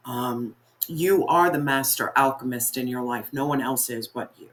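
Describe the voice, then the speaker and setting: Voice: medium pitch, moderate pace, a bit bright, soft background music. Earnest tarot reader speaking to viewers. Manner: earnest and encouraging, repeats phrases. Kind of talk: spiritual tarot reading.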